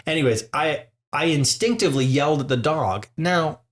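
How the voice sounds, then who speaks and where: A man's voice: a little high, moderate pace. Man telling a rambling story. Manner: rambling, animated storyteller who acts out voices. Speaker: podcast co-host. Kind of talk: casual storytelling chat.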